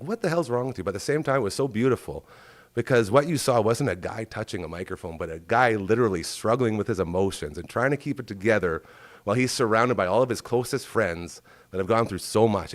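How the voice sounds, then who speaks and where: A man hosting a live stage show, excitable and jokey, chatting openly about his nerves. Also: fairly low pitch. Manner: excitable, jokey, emotional, talks to his dog. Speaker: show host. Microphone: handheld stage microphone.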